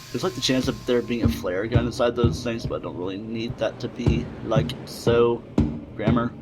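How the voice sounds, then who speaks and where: A man's voice: mid-range voice, steady tone, normal speed, music in the background, low-quality recording. A man giving let's-play commentary on a game he is playing, rambling and joking to himself as he goes. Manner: joking, rambling self-talk while playing.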